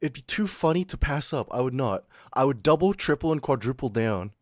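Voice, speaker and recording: Male streamer, animated pitch, dry close-mic sound, rowdy chat reading. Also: brisk, no echo. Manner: loud, swearing, swings from yelling to low mutters. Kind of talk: casual livestream chat with viewers.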